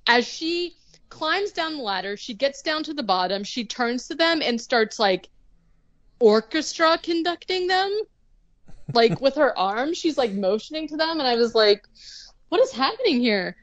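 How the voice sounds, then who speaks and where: A woman's voice: sits high, animated, unhurried, no echo, dull audio. A young woman casually recapping a movie on a podcast, sarcastic and rambling, full of "like" and the odd swear word.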